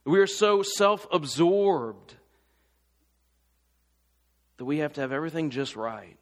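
A man preaches a sermon in a church sanctuary, his voice pitched fairly high. He presses his listeners with impassioned rhetorical questions. The sound rings with a long reverb from the hall. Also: expressive, takes it slowly. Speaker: pastor.

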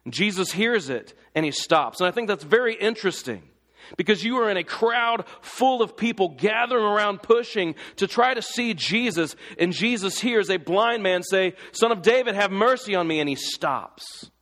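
Guy preaching in a church, kinda high voice, big long echo off the hall, fired up and asking the crowd questions. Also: lively intonation, normal speed, a bit bright. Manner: impassioned preaching with rhetorical questions. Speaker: pastor. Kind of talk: sermon.

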